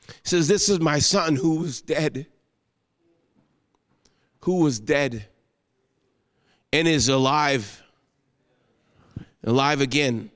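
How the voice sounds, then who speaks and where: A guest pastor preaching an emotional sermon, rising to exclamations and then falling soft into prayer. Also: male voice, fairly high pitch, takes it slowly, pauses often, in a large hall.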